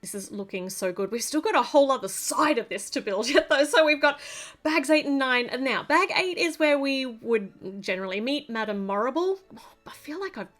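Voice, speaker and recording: An Australian woman talks through a LEGO build in a casual, chatty tone. Her voice sits a bit high and swings widely up and down as she gushes with delight over each detail. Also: animated, normal speed, a bit bright, faint music behind. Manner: gushing, enthusiastic, chatty.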